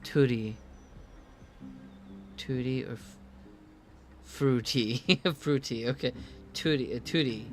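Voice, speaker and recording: A man's voice: medium pitch, measured pace, pauses often, soft background music. A man doing casual gameplay commentary, reading subtitles aloud, giggly and self-mocking. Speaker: gaming streamer.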